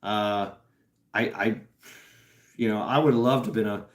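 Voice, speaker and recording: Reading live chat on a casual stream, this man rambles, laughs, swears, and uses lots of fillers. His voice is lowish with fairly even intonation, he talks a little slowly, and the recording carries a roomy echo.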